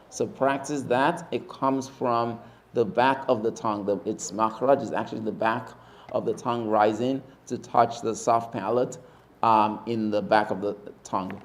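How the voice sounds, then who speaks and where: A man teaching Arabic letters in a mosque class, calling out each letter loudly several times and then explaining it. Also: mid-range voice, steady tone, measured pace. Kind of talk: slow letter-by-letter teaching drill.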